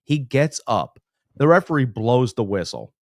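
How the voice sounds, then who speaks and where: A man co-hosts a relaxed sports podcast in a mid-range voice at a measured pace. He's an animated storyteller who acts out quotes, recorded in clean studio sound with no echo.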